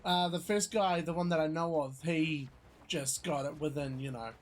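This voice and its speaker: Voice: medium pitch, fairly even intonation, normal speed, slight background noise. A streamer chatting casually while gaming, swearing often and laughing a lot, with the hiccups. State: has the hiccups. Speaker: streamer playing an online game.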